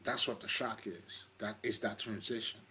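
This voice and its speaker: A man giving a casual spiritual talk, rambling and profane, full of fillers and loud laughs between points. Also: lowish voice, fairly even intonation, normal speed, slightly rough. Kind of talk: casual spoken monologue.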